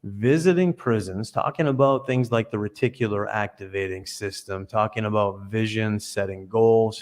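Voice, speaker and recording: A man's voice: fairly low pitch, a little mellow. Man, podcast guest, earnest, storytelling like a preacher, over a video call. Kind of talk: conversational interview.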